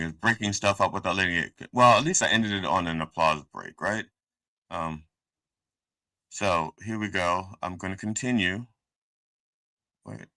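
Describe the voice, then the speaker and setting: Host, man, very low voice, slow and halting, bright edge. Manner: hesitant, full of restarts. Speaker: show host. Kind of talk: casual live-stream chat.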